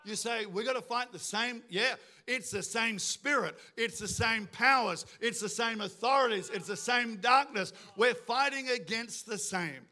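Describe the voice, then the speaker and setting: A man's voice: extremely high pitch, unhurried, few pauses, sharp tone. A man preaching a sermon with fervour, asking the crowd questions and acting out quoted voices. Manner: fervent preaching with call-and-response questions, acts out quoted voices. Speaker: pastor.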